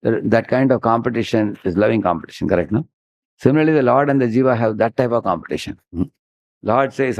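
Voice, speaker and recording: A man with an Indian English accent preaches in a low, gravelly voice. He tells devotional stories with lively gestures in his speech and keeps prompting his listeners. The recording is dry and close-miked. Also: quick pace, no echo. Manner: animated storytelling, frequent "huh?" prompts. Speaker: spiritual teacher giving a lecture. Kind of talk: devotional sermon with storytelling.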